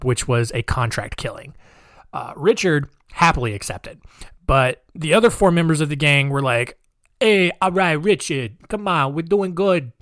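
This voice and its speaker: A man's voice: mid-range voice, no room sound, clean studio sound. A man hosting a podcast, telling a true-crime story casually with many fillers and wry sarcastic asides. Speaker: podcast host.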